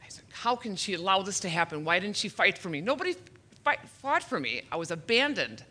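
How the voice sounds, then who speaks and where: A woman's voice: medium pitch, very animated, fairly quick, sharp tone, breathy edge. A woman in her fifties giving a personal testimony at a church service, earnest and emotional, a little nervous, with flashes of self-deprecating humor. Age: 50s.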